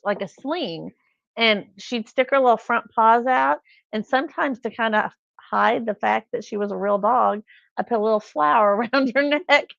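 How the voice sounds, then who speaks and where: A woman's voice: mid-range voice, creaky, no echo. A middle-aged woman chatting on a livestream, telling anecdotes and acting out the people in them. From California. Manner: chatty storytelling, acts out voices in anecdotes. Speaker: livestream host. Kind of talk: casual chat. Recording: dull lo-fi livestream sound.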